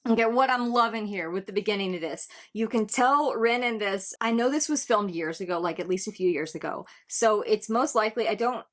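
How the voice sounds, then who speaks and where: A woman hosting a music reaction video, talking in an earnest, gushing way, with halting restarts as she searches for words. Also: medium pitch. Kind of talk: casual music reaction commentary.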